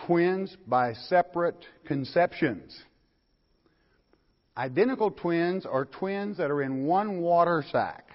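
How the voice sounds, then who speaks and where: Older pastor with a folksy teaching manner, a bit husky, lo-fi hall recording. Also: male voice, on the high side, expressive, slow pace, pauses often. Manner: folksy, questioning the listeners and reading scripture aloud. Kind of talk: verse-by-verse Bible lecture.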